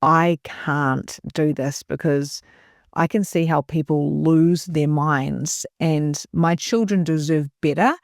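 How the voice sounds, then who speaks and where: A woman's voice: sits low, fairly even intonation, slow pace, gravelly, dry recording, studio quality. A middle-aged woman, a guest on a podcast, telling a personal story in an earnest, emotional way with frequent restarts. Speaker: podcast guest, spiritual mentor.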